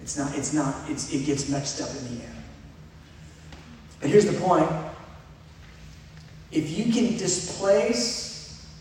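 In this sermon, a middle-aged pastor with a slightly high voice for a man speaks slowly, leaving long pauses, in a relaxed, chatty way toward his congregation. He's distant from the mic, and the vast church hall echoes with faint noise behind him.

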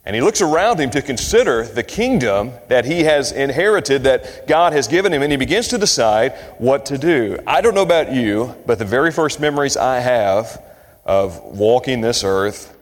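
A man preaching a sermon at a middle pitch, his voice trailing off in a long hall reverb. He is from Kentucky and quotes scripture, stretching some phrases slowly and lifting others high for emphasis. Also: lively intonation. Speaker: pastor.

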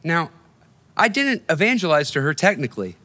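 A man's voice: fairly high pitch, big pitch swings, brisk, pushed and bright. A male pastor preaching a sermon in a conversational, storytelling way, often restarting his phrases. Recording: long hall reverb.

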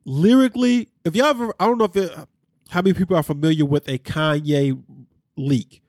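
Man hosting a podcast, animated and candid, talking in a somewhat high voice with dry, close sound. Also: a little fast, no echo. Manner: animated, candid, slangy with asides to listeners. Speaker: podcast host recapping reality TV. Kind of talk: casual chat.

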